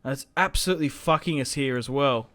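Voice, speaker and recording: A young man hosting a gaming channel, giving live strategy game commentary in an excitable, think-aloud way with many fillers. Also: medium pitch, brisk, no room sound.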